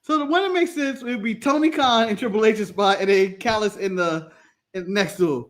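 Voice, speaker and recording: A man's voice: high-pitched, normal speed. A man from the United States co-hosting a podcast, chatting casually and joking with frequent laughter. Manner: animated, joking, laughs often. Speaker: podcast co-host. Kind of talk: casual watch-along chat.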